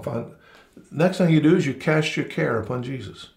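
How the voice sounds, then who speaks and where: A man's voice: medium pitch, lively intonation, moderate pace, vocal fry, a little mellow, echoey room. A man preaching a sermon, talking conversationally with frequent restarts and repeated words. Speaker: pastor.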